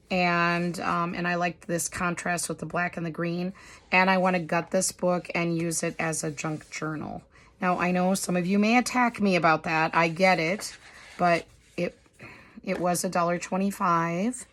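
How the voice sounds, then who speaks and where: Hoarse woman, chatty craft vlogger. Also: fairly low pitch, a bit bright. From United States. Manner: rambling, apologetic, self-deprecating with light laughs. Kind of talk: casual chatty show-and-tell.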